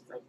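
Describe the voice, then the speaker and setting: A woman's voice: very high-pitched, phone-quality sound. A woman hosting an anime reaction video, exclaiming and gasping as she watches. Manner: expressive, exclaiming and gasping at the screen. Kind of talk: live reaction commentary.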